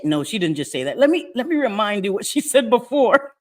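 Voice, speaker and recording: A woman's voice: fairly high pitch, sing-song, normal speed, a little mellow. A middle-aged woman hosting a casual livestream, chatting loosely, laughing often and greeting viewers by name. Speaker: livestream host.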